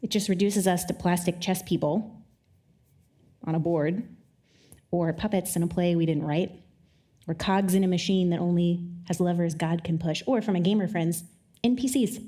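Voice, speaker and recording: A woman giving a conversational sermon to a live audience, wry and joking, with quick asides. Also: lowish voice, warm tone. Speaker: speaker. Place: live talk before an audience.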